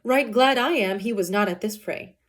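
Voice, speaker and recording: A woman's voice: mid-range voice, moderate pace, close to an everyday voice. A woman reading the lines of a worried noble mother asking after her son.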